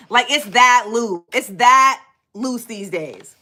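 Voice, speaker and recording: A middle-aged woman hosting a livestream, telling stories in an animated, dramatic way and acting out quotes. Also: a little high, moderate pace. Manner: animated, dramatic retelling with acted-out quotes and laughter. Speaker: livestream host. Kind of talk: casual storytelling to a live chat.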